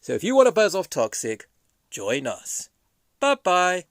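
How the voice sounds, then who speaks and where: A man's voice: mid-range voice, very animated, moderate pace, dry recording. A man vlogging in a rambling, sardonic monologue that jumps from topic to topic.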